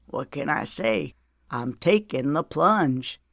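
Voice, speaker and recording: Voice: animated, takes it slowly, creaky, fairly bright tone, no echo, studio quality, exaggerated voice. A narrator voicing an earnest, tender older husband. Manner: low, urgent, earnest.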